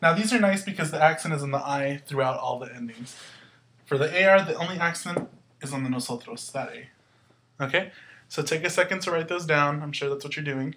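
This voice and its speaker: A woman's voice: sits low, a little fast, a bit bright, slight background noise. Woman, Spanish teacher, upbeat, step-by-step, classroom lesson. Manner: upbeat, drills endings step by step. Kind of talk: classroom-style grammar lesson.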